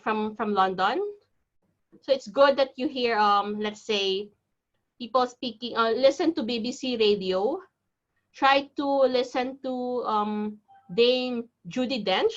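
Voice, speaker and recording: A woman with a Filipino accent teaching an online class, explaining slowly with frequent restarts and repetitions. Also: fairly high pitch, fairly bright tone. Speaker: English test teacher. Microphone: video call. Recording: dull lo-fi video call audio.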